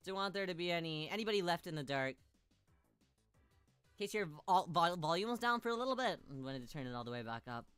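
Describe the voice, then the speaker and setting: A woman's voice: on the low side, lively intonation, fast, a bit bright, smooth, dry recording, soft background music. A young woman streaming a game, reading its narration aloud between playful, giggly jokes.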